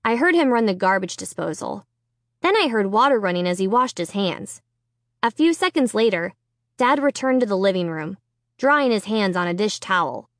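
A woman reading a children's horror novel aloud, with expressive storytelling. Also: medium pitch, moderate pace, no echo, studio quality. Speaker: audiobook reader. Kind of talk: scripted narration.

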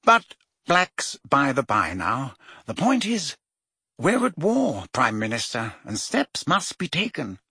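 A man voicing a flustered, defensive male wizard minister who talks rapidly and heatedly, his voice climbing when pressed. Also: medium pitch, wildly swooping pitch, sharp tone, breathy edge, dry recording, studio quality, exaggerated voice. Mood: urgent.

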